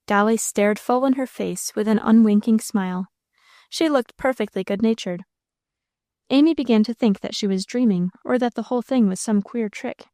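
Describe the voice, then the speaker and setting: A woman reading a classic children's story aloud as an audiobook narrator, in a gentle, measured storytelling way. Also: on the high side, dry recording, clean studio sound.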